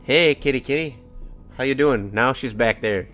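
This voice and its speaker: A man's voice: medium pitch, normal speed, a bit bright, soft background music. A man casually commenting on his own racing game during a live stream, chatting to his cat and to himself. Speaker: gaming streamer.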